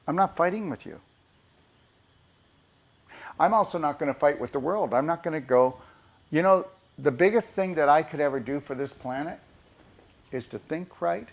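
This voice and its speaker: A man speaks with fervor, firing rhetorical questions at his listeners as he drives each point home. His voice sits a little high for a man. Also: expressive, normal speed, gravelly, long pauses, highs cut off. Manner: emphatic, rhetorical questions to the audience. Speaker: doctor giving a talk. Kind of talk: impassioned motivational talk.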